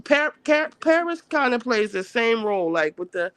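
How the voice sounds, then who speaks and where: A woman's voice: a little high, moderate pace, few pauses, a bit bright, no echo. A woman panelist in a casual gossip chat, blunt and swearing as she retells reality-show drama. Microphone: remote call.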